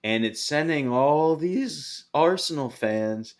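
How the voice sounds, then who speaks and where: A man's voice: a little high, expressive, slow. A man co-hosting a casual podcast, teasing his friends about their club's spending and swearing freely. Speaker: podcast co-host. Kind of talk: casual banter among friends.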